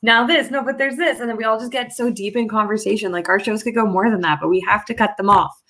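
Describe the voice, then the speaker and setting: A Canadian woman hosting a casual livestream chat show, chatty and quick to laugh as she wraps up the episode. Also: mid-range voice, a bit bright. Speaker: podcast host.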